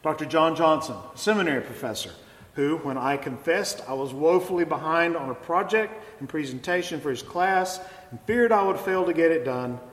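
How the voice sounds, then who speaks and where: A pastor preaching a reflective sermon, slowing down for emphatic phrases. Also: male voice, on the high side, lively intonation, fairly bright tone, reverberant, big-room sound, low-quality recording.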